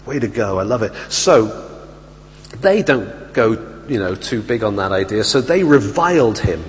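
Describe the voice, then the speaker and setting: A man preaching a sermon, telling the story in a lively way and acting out the voices of the people in it. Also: on the low side, measured pace. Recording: hall reverb with faint hum.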